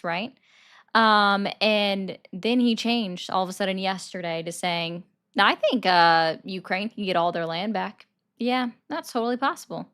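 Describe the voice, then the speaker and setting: A young woman hosts a casual livestream of political commentary in a medium-pitched, fairly bright voice. Chatty throughout, she takes calls and responds to what viewers write.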